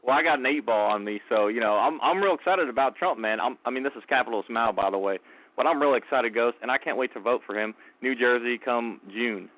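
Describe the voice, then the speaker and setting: A man calling in to a radio show, rambling and excited. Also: mid-range voice, quick pace. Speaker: caller. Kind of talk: call-in radio chat. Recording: tinny phone line.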